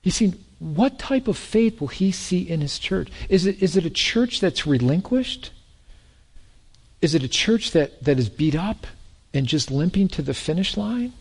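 A man preaching a sermon in a lively way, with joking asides and repeated words. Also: a little high, breathy edge. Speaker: pastor.

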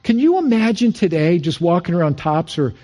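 A man's voice: high voice, sing-song, fairly quick, mellow. A male pastor preaching a sermon in an earnest, storytelling manner with repeated phrases.

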